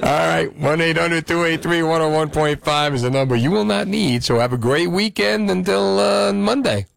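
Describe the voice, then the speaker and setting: A man's voice: fairly high pitch, normal speed, vocal fry, dry recording, faint music behind. A man hosting a radio call-in show, joking and laughing easily with callers and guests. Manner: lively, jokey, laughs often. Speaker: radio host.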